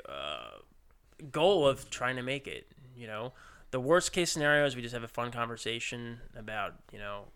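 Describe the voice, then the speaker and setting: A man's voice: medium pitch, bright, forceful tone, smooth. A young adult man, a podcast guest, chatting casually and rambling upbeat, often saying dude. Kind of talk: casual chat.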